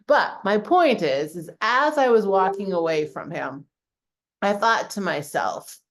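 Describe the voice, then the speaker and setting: A middle-aged woman with a Southern US accent, a fitness coach telling a story to her group in casual talk, full of fillers and asides. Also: on the low side. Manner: chatty storyteller with many fillers.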